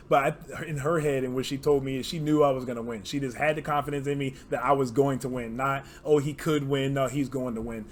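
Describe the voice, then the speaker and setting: A man's voice: mid-range voice, a little hiss or hum. A young man recording a casual to-camera vlog, rambling and heartfelt with many fillers, teary and emotional. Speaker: card game player and channel host.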